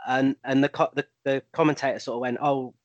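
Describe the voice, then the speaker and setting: A man telling a story on a chat panel, pausing often with ums as he builds to the punchline. His voice sits at an average pitch. The recording is dry and close. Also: steady tone, no echo, highs cut off. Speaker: panel guest. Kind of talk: casual anecdote telling.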